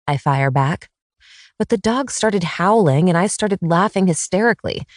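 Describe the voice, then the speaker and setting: A woman narrating a first-person romance audiobook in a teasing, lively read. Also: fairly low pitch, normal speed, no room sound, studio quality.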